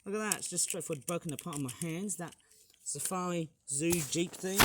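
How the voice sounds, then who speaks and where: A man chatting excitedly outdoors while smashing toys for a review vlog, often laughing and whooping. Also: high voice, normal speed, very noisy. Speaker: toy reviewer. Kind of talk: casual toy-smashing vlog. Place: outdoors on a hot day.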